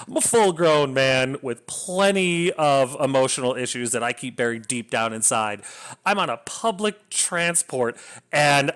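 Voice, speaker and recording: A man's voice: mid-range voice, animated, measured pace, a bit bright, smooth. Enthusiastic rambling man reviewing a book.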